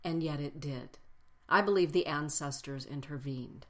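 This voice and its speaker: A woman with a low, deep voice gives a personal spiritual talk to a gathered congregation. She speaks reflectively, stacking phrases into lists and slowing down to land each one.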